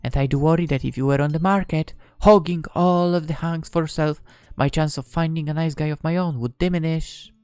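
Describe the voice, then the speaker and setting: A man's voice: a little high, fairly even intonation, a little fast, few pauses, darkish tone, clear, resonant tone, dry recording, voice pushed up, close to an everyday voice. A man voicing a cheerful, cheeky young woman mage in a visual novel, reading her lines in a teasing, playful way.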